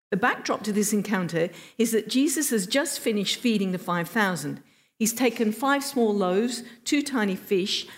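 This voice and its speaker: Woman preaching with expressive storytelling. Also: medium pitch. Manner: expressive storytelling delivery with emphatic pauses. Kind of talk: sermon.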